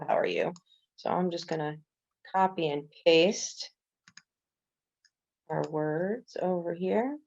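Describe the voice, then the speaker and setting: Here a female coding instructor explains her tutorial in careful steps, her voice low, gravelly and a little mellow, with the occasional casual "um." The audio quality is dull and lo-fi.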